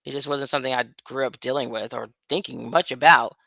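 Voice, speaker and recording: A woman's voice: a bass voice, steady tone, gravelly, pushed and bright, no room sound. A woman from the United States talking straight to her viewers in a blunt, profane, rambling political rant. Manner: blunt, profane, ranting, quick asides. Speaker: vlogger. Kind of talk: casual political commentary to camera.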